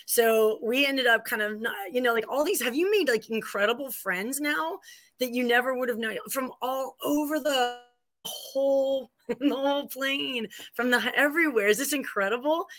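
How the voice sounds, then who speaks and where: Woman, podcast guest, casual chat, rambling, gushing, fairly high voice. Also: normal speed, fairly bright tone. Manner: gushing, rambling, many fillers and restarts. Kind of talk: casual conversational interview.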